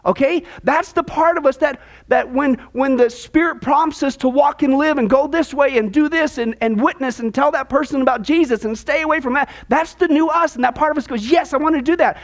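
A man's voice: extremely high pitch, a little fast, hardly any pauses. A man teaching a discipleship class on the Bible, talking emphatically and checking in often with "okay?".

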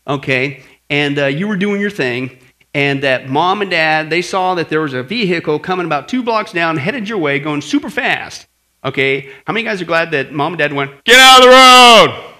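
A man's voice: a little high, normal speed. A middle-aged man preaching a sermon on apologetics. He tells stories animatedly and keeps asking the listeners "right?". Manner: animated storytelling with acted shouts and asides. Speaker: pastor teaching apologetics.

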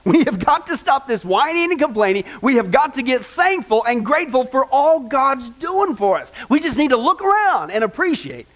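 A man's voice: extremely high pitch, sing-song, moderate pace, few pauses, fairly bright tone. A man pastor giving a folksy sermon, often asking the congregation questions.

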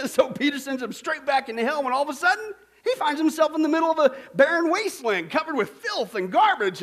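A male pastor preaching a sermon, telling a joke with laughs and quizzing the congregation with questions. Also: very high-pitched. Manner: lively, laughing storyteller, asks the crowd questions.

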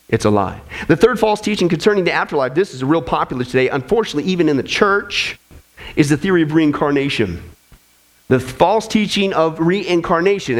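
A man preaching a sermon to a congregation, emphatic and preacherly, with jokey asides to the crowd. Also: high voice. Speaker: pastor.

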